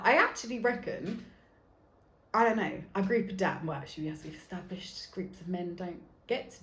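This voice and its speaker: A woman of about forty chats alone on her podcast, sitting in an echoey room. Her voice sits slightly low, and she talks bluntly and swears freely. She keeps wandering off on tangents. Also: lively intonation, normal speed, a bit bright. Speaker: podcast host. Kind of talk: casual solo podcast chat. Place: seated in a room recording a podcast.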